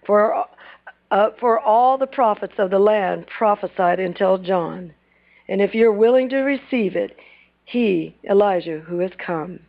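A woman preaching a sermon, retelling Bible scenes and acting out their lines, swinging between loud bursts and hushed asides. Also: medium pitch, a little slow. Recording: dull lo-fi recording.

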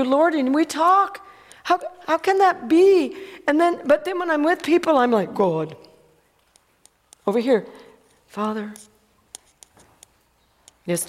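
High-voiced woman preaching in a hall. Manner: emphatic, calls out for amens. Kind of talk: sermon.

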